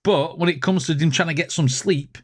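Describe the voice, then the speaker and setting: A man's voice: a little high, fairly quick, husky. A man hosts a music reaction video, breaking down lyrics with chuckles and enthusiasm. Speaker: music reaction channel host. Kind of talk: casual reaction commentary.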